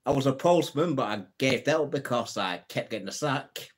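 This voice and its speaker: A man's voice: mid-range voice, expressive, fairly quick, breathy edge. Jokey man on a live stream. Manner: jokey, chatty, chuckles at his own puns; greets and answers viewers' comments. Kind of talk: casual live-stream chat telling jokes.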